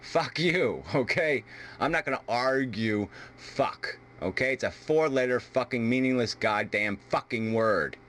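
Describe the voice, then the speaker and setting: A man's voice: mid-range voice, lively intonation, unhurried, a bit bright, slight background noise. A man from the United States arguing heatedly in a video debate, combative and full of profanity. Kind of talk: heated argument.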